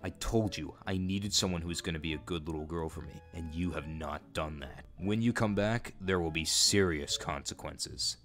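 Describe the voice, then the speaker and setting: A narrator voicing a manipulative older man who coaxes and threatens in a low voice. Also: moderate pace, hardly any pauses, a bit bright, soft background music. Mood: menacing. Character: manipulative, menacing older male groomer.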